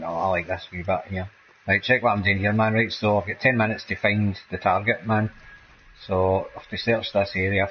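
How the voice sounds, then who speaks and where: Muffled, with slight background noise, the audio captures a fairly low-pitched Scottish man. He's streaming a game and chatting casually in a rambling way, tacking "mate" or "man" onto almost everything he says.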